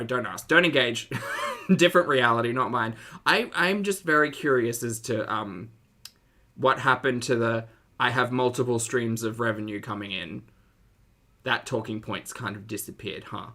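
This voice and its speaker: A man's voice: medium pitch, lively intonation, normal speed, bright, forceful tone. A man hosting a casual livestream commentary, chatty and sarcastic, laughing often and greeting his chat viewers.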